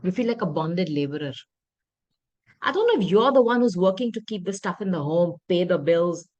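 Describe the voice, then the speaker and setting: A woman's voice: on the low side, animated, normal speed, a little mellow, highs cut off. A woman giving a tarot reading, talking earnestly to her viewers and often apologizing or thinking aloud. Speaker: tarot reader.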